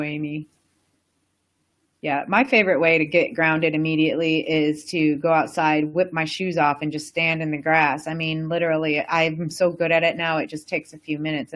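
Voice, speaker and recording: A woman hosting a casual wellness live stream, talking to viewers in a chatty, rambling, enthusiastic way. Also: low voice. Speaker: wellness host.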